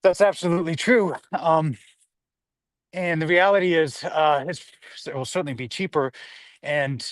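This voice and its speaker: A man's voice: fairly high pitch, normal speed, dry recording. A man hosting a casual livestream while walking his dog outdoors. He rambles, reads viewer comments aloud and is slightly out of breath. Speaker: livestream host. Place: outdoors on a hillside street.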